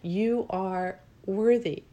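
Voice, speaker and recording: Drawing out her words in a warm, mid-range voice, a woman reflects spiritually on listening to the body. She is earnest and repetitive, rising with emotion and at times nearly in tears.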